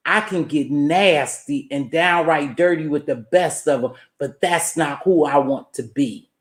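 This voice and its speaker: A woman's voice: low-pitched, darkish tone, reverberant. A woman hosting a casual livestream, giving emphatic, preachy motivational talk and breaking off to greet chat viewers. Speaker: livestream host.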